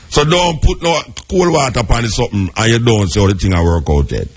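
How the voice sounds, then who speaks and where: Jamaican radio host guy, husky voice, kinda preachy, calming callers down. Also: mid-range voice. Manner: preachy, reassuring, drawn-out emphasis. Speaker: radio talk show host. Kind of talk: call-in radio talk.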